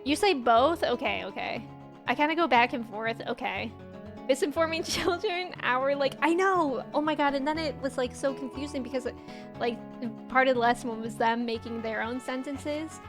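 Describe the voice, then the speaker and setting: A young woman's voice sits high, and she speaks at a moderate pace with a Midwestern American accent. She's chatting and giggling with viewers in a rambling, casual way while streaming a game to game music.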